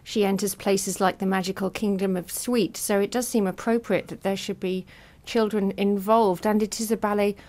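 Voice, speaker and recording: A woman hosting a radio interview, asking long and measured questions. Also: medium pitch, fairly even intonation, darkish tone.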